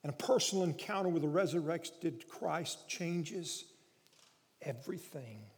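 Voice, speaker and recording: A high-voiced male preacher delivers a sermon, dropping to hushed storytelling and rising to loud, emphatic preaching. His voice rings out in a large hall with a long reverb. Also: lively intonation, measured pace.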